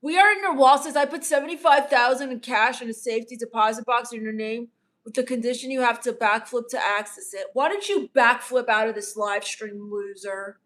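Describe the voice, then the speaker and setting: A woman doing a bratty teen streamer, high voice, snarky, dismissive, reads comments aloud. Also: fairly quick, fairly bright tone, lightly acted. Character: bratty teenage livestreamer, rude and self-absorbed. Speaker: comedian doing a livestream character. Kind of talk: improvised livestream comedy.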